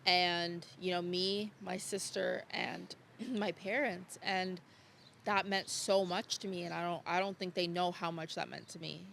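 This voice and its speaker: A woman's voice: fairly low pitch, steady tone, measured pace, vocal fry, fairly bright tone, slight background noise. A young woman guest on a podcast, telling her story frankly and casually, swearing freely and laughing off hard memories. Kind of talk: candid conversational storytelling.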